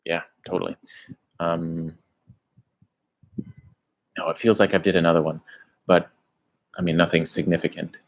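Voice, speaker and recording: A man's voice: sits low, little pitch movement, moderate pace, gravelly, long pauses, lo-fi sound. A man who vlogs about his travels, chatting casually on a livestream and rambling through answers to viewer questions. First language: English. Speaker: travel vlogger.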